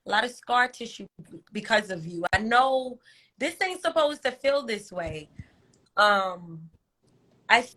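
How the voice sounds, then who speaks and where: A woman's voice: medium pitch, fairly bright tone. A woman who calls herself a healer, in a candid podcast conversation, telling an emotional story vividly and acting out her inner dialogue.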